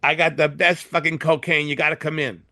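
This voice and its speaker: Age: older. Figure: a drunk, stoned, loud and bossy male singer, as a storyteller puts him on. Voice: raised pitch, gravelly, pushed loud. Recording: dry, close. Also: little pitch movement, brisk, no room sound. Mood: rude, loud.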